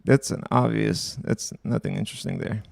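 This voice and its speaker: Gravelly young man streaming casually. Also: fairly low pitch, fairly even intonation, moderate pace, a little mellow, no echo, clean studio sound. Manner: blunt, profane, offhand asides. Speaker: livestream host reading posts. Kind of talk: casual livestream commentary.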